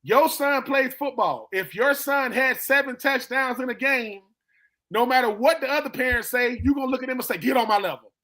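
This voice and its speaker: A man, a former player, telling stories with animated emphasis on a live-streamed sports talk show. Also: very high voice, normal speed. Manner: animated storytelling, emphatic repetition. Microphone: live stream call.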